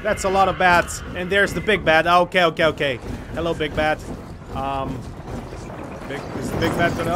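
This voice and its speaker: A man streaming a video game, giving excitable live commentary that swings between mumbling asides and shouts at the screen. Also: a little high, normal speed, long pauses, background noise. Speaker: gaming streamer. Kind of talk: live let's-play commentary. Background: game music.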